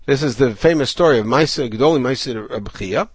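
A man's voice: mid-range voice, fast, breathy edge, dry recording. A man teaching a Talmud class, reading Aramaic passages aloud and then explaining them in English with frequent restarts.

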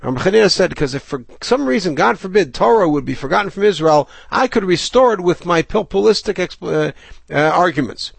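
A man with a slightly higher voice and a gravelly edge teaches a Talmud class. He reads each Aramaic passage aloud, then stops to explain it in plain English, often restarting his sentences. The sound is close and dry. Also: animated, fairly quick, no room sound.

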